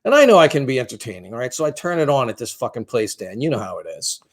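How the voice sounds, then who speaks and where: A man's voice: mid-range voice, big pitch swings, quick pace. A man in his fifties co-hosting a podcast, telling a long story in a rambling, profane, self-deprecating way. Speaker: podcast co-host.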